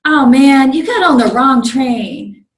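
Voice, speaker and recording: A bossy young train conductor barks out his complaints in a raised, higher voice, as a woman puts him on. The sound carries a roomy echo. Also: sing-song, normal speed, distant mic. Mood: scolding. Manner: scolding, loud and exasperated.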